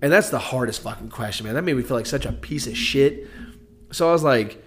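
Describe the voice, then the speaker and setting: A man's voice: medium pitch, a little fast, slightly rough. A man in his thirties chatting casually, rambling and swearing often. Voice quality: relaxed, profane, rambling talk. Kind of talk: casual chat.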